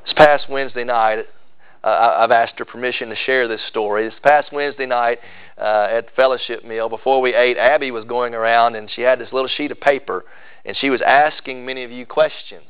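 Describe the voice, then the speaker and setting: A man's voice: mid-range voice, steady tone, brisk, clear, resonant tone, lo-fi sound. A male pastor, preaching a sermon with emphatic, building repetition.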